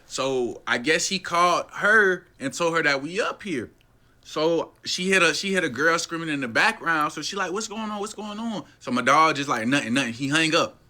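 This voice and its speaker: Casting: young guy with a higher voice, slangy animated storyteller. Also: normal speed. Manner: slangy, animated, says bro constantly. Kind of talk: casual storytelling.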